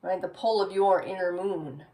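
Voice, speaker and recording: A woman's voice: lowish voice, fairly even intonation, moderate pace, warm tone, distant mic, rough recording. A woman giving a tarot reading, musing aloud with frequent "right?" tags. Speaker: tarot reader.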